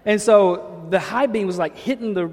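A man preaching as a pastor, telling a personal story in an animated, joking way. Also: sits high, normal speed. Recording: echoey hall.

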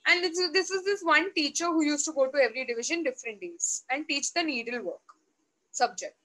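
A woman with an Indian accent, a guest telling a story in a casual, lively way and acting out the quotes. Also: high voice, brisk, low-quality recording. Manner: lively, animated, acts out quotes.

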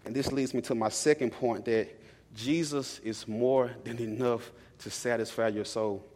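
A man's voice: mid-range voice, steady tone, measured pace, darkish tone. A young man preaching a sermon in a casual, conversational way, telling stories and repeating lines for emphasis. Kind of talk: storytelling sermon. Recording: long hall reverb.

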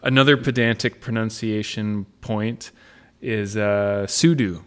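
A man's voice: on the low side, normal speed, a bit bright. A man hosting a casual conversation, curious and self-deprecating, asking his guest questions.

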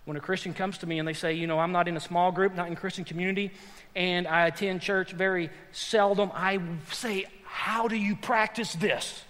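Pastor preaching in a hall. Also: male voice, sits high, fairly even intonation. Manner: swings from hushed and slow to loud emphatic shouts. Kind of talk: sermon. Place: large church hall. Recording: long hall reverb.

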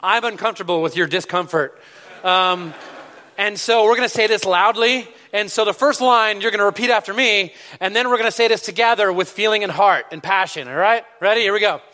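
A high-pitched man with a bright, forceful tone preaches a relaxed sermon, full of ums and self-corrections. His voice rings out with a long reverb in a big hall. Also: fairly quick. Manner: chatty, full of fillers and restarts. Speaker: pastor. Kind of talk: casual sermon.

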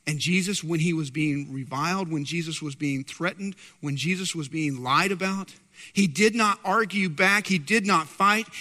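A man's voice: on the high side, pushed and bright. A man preaching a sermon in an emphatic storytelling manner, repeating key words for weight, in a long echoing hall.

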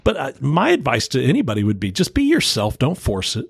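A male pastor on a casual podcast talks in an easygoing, plainspoken way, with a gravelly, husky grain to his voice. His pitch is middling, and the sound is dry and close. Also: wildly swooping pitch, brisk, dry recording.

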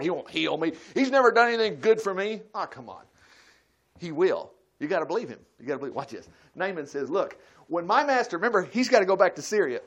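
Male preacher, high-pitched, folksy sermon delivery with loud-to-quiet swings.

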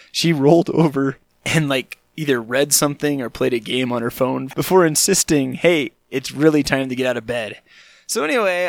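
A man's voice: mid-range voice, vocal fry, no echo. A man in his thirties hosting a podcast, telling a comic story about himself in a playful, self-mocking way and acting out quotes in exaggerated voices. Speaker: podcast host.

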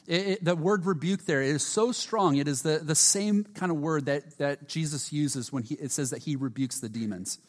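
Earnest preacher in a reverberant hall. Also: male voice, on the high side, moderate pace, few pauses. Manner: earnest, often drops to a hushed voice; repeats words and restarts often. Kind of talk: sermon.

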